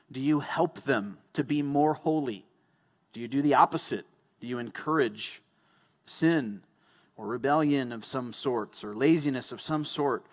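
A male pastor giving a sermon in a measured way, asking a string of searching rhetorical questions before a closing prayer. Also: medium pitch.

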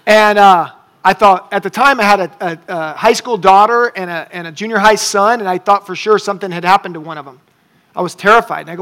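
A man of about fifty, preaching a sermon in a folksy, animated storytelling way. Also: high voice, brisk. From Tennessee. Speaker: pastor.

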